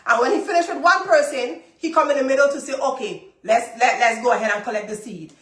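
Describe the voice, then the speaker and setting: Woman host, animated and repetitive storyteller, echoey room. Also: sits high, fast. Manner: animated storytelling, repeats phrases for emphasis. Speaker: business coach and livestream host. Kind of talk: casual testimony to a live audience.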